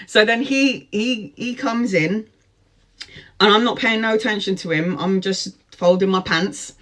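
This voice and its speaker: A woman in her forties telling a story casually on a live stream, animated and laughing often as she greets viewers. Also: medium pitch, unhurried. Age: 40s. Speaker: tarot reader hosting a live stream.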